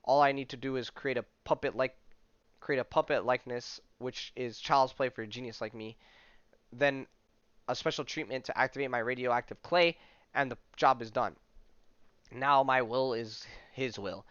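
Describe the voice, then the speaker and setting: A man's voice: medium pitch, fairly even intonation, normal speed, fairly bright tone, clear, resonant tone, dry recording, close to an everyday voice. A man reading as a gloating villain puppeteer. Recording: dull lo-fi dry recording.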